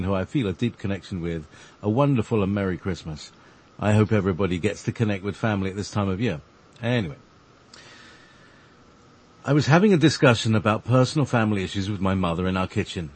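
A male host reads listener questions aloud in a relaxed, easygoing way. His voice is lowish and a little husky, and his pitch swings widely and expressively as he reads.

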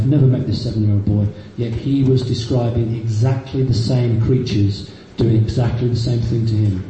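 A man in his fifties with a dark, medium-pitched voice tells personal anecdotes to a live audience, with many fillers and restarts. The highs are cut off in the recording, which comes from a very echoey hall with faint background noise.

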